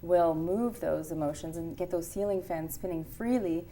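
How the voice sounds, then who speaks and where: A woman's voice: fairly low pitch, moderate pace, dark tone, a little hiss or hum. A woman Reiki practitioner explaining her work in casual conversation, earnest and reassuring. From Canada. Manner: earnest, reassuring, laughs easily.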